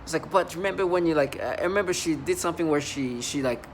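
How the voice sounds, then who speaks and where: A man's voice: a little high, fast, slight background noise. A man with an accent, telling a long personal story in a rambling, emphatic monologue full of restarts. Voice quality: speaks with an accent. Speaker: vlogger describing his workplace experiences.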